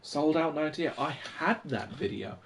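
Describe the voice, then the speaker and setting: A man's voice: fairly high pitch, animated, moderate pace, creaky, a little hiss or hum. A man in his forties chatting casually on a live stream from home, reading old magazines aloud and talking to viewers. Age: 40s.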